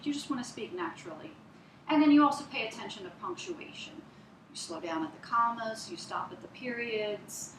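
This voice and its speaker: A woman's voice: high-pitched, a little hiss or hum. A woman teacher giving a one-on-one reading lesson, explaining things patiently, step by step. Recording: echoey room.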